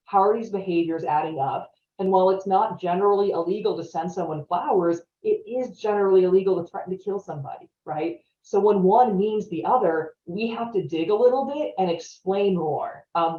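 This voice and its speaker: A woman's voice: fairly low pitch, darkish tone. A woman presenting a training webinar in a conversational way, often checking in with "right?". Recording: roomy, distant, dull-sounding audio.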